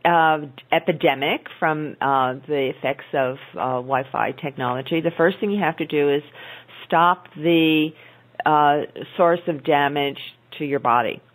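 A woman's voice: low voice, unhurried, rough recording. A woman speaking as an interview guest, explaining things earnestly with many restarts and fillers. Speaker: guest, naturopathic doctor.

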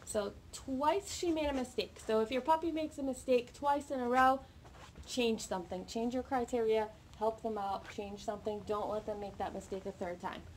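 A woman dog trainer with a voice on the high side, speaking at normal speed, walks viewers through a live training session while working with her puppy off camera. She coaches upbeat, picked up by the camera mic, with noticeable background noise and training clicks.

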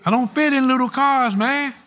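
A middle-aged man, telling a story as an interview guest, animated and profane, laughing often. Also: very high voice, moderate pace. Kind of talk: casual storytelling.

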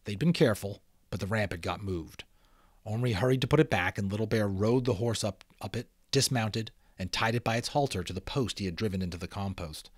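A man giving a dramatic reading of a children's novel, expressive and adding casual asides. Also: lowish voice, fairly quick, no echo, clean studio sound. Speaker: audiobook reader.

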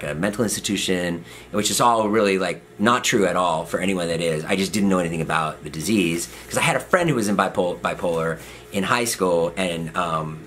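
A man in his thirties chats to camera in a loose, rambling storytelling style, full of fillers and self-deprecating asides. His voice is bright and forward, with a faint hiss under it. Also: low voice. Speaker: vlogger. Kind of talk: casual storytelling.

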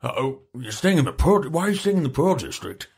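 A man voicing a kindly, smitten male armorer who stammers and rushes to offer help. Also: on the high side, very animated, vocal fry, darkish tone. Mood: flustered. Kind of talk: tabletop role-play, in character.

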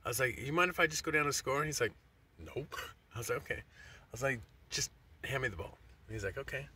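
A man's voice: mid-range voice, fast, sharp tone, a little hiss or hum. A middle-aged man telling a rambling, profane story in a casual monologue, restarting his sentences often. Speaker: vlogger.

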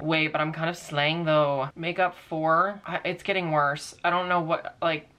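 A woman's voice: low voice, steady tone, moderate pace, few pauses, fairly bright tone. A young woman in her twenties vlogging in a casual, sarcastic, giggly way. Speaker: YouTuber. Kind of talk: casual vlog commentary.

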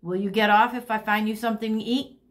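A woman's voice: mid-range voice, fairly even intonation, fast, natural voice. A woman voicing a grumpy male house cat, exasperated and insistent.

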